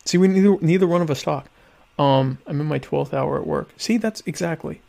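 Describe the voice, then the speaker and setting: A man hosting a live stream with a voice pitched a touch high. He rambles, cuts himself off mid-sentence and stretches words out in a deadpan, mock-grand way. The talk is loose and chatty, read to viewers' comments. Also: fairly quick, vocal fry. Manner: deadpan, mock-pompous humor; rambling, self-interrupting. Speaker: live show host. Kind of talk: casual live-stream chat.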